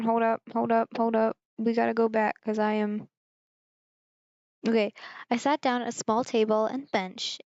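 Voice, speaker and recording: A woman's voice: on the high side, no echo, muffled recording. A woman from Germany streaming a visual novel, reading the story aloud and chatting with viewers in asides.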